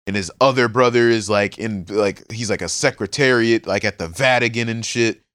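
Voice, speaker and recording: A man on a podcast retelling a story with loud, profane enthusiasm and lots of slang. His voice sits on the low side and sounds dry and close, with no room around it. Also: moderate pace, no echo. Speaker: podcast co-host. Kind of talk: casual chat recapping a manga.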